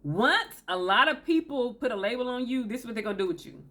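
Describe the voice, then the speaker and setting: A woman's voice: fairly high pitch, expressive, quick pace, fairly bright tone. A woman hosting a self-help video, talking straight to camera, emphatic and repeating her key points. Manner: emphatic, repeats key phrases, acts out quoted people. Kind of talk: direct-to-camera advice talk.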